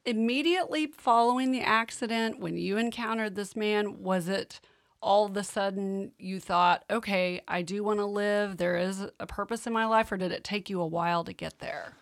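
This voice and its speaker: A woman's voice: mid-range voice, moderate pace, no room sound, studio quality. A woman hosting a podcast interview, asking questions and responding with empathetic short interjections. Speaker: podcast host.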